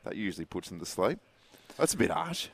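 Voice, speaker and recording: Man, Australian accent, very low pitch, sports radio co-host, casual banter. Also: very animated, a little fast, creaky, breathy edge, dry recording. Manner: jokey, laughs often.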